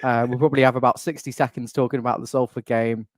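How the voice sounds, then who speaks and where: A young man hosts a casual fan podcast, chatting in a loose, wry way and wandering off into asides. His pitch sits in the middle range. The voice is close and dry, with no room echo. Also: little pitch movement, quick pace. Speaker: channel admin and host.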